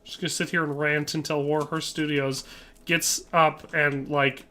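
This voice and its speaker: While streaming a game, a man reads chat aloud and rants in exasperation, keeping the commentary casual. His voice is a little high and sharp in tone, with a flat delivery at a measured pace.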